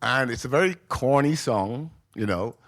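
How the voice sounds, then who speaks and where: A man in his sixties, a memoir author telling a personal family story at a live book talk, animated and emotional, acting out the people in it. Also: mid-range voice, normal speed, no room sound. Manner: emotional, animated storyteller who acts out voices. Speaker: memoir author on a festival panel. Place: live event in a library venue.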